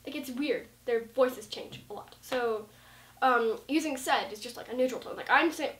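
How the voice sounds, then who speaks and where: Chatty woman vlogging, lots of likes and ums, kinda high voice, echoey room. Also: moderate pace, fairly bright tone, slight background noise. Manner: chatty, full of likes and ums, acts out quoted lines. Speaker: vlogger talking about writing. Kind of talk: casual rambling talk to camera. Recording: roomy sound from a distant mic.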